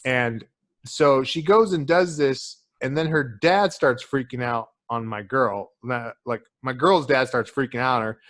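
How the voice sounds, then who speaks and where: A man co-hosting a podcast, chatting crudely and swearing constantly as he tells animated stories. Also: medium pitch, a little slow. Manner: profane, swears constantly, calls listener "dude"; animated storyteller, acts out quotes. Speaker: podcast co-host. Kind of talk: crude casual chat.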